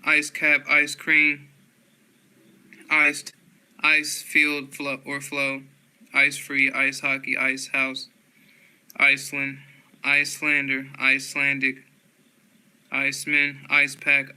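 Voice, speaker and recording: A man's voice: medium pitch, bright, forceful tone, clean tone, poor audio. A man reading dictionary entries aloud one after another, stumbling and restarting on hard words. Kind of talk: rapid word-list reading.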